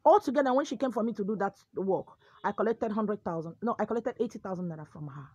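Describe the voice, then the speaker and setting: A woman with a Nigerian accent telling a comic first-person story, dramatic and lively. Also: medium pitch, fast talker, slightly rough, dry recording, muffled recording. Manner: dramatic, lively, code-switching.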